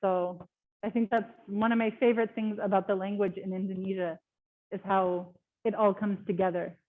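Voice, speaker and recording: A woman speaking casually as a guest speaker in an online webinar, chatty and quick to laugh. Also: mid-range voice, flat delivery. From Canada. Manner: chatty, laughs often, lots of fillers. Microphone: video call. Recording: tinny phone-like call audio.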